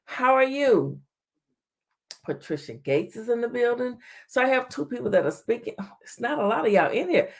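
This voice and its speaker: A woman's voice: a little high, big pitch swings, moderate pace. A woman hosting a late-night live commentary stream, chatting casually and greeting viewers by name. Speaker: talk show host.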